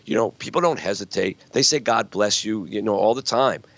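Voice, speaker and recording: Deep gravelly-voiced man, earnest author. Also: a little fast. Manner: earnest, reflective storytelling. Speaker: author guest. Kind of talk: conversational interview. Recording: dull lo-fi sound.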